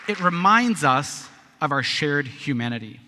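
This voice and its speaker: Speaking unhurriedly in a slightly high, pushed and bright voice, a Canadian conference speaker in his thirties addresses a live crowd in a big, echoey hall. He talks conversationally and frequently adds a question at the end, with some chatter and slight noise behind him.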